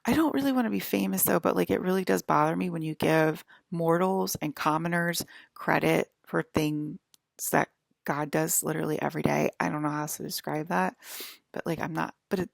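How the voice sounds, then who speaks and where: A woman's voice: deep voice, brisk, creaky, no echo, studio quality. A woman vlogger talking to her viewers in a rambling, agitated monologue, swearing and restarting often. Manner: rambling, agitated and profane, many fillers and restarts.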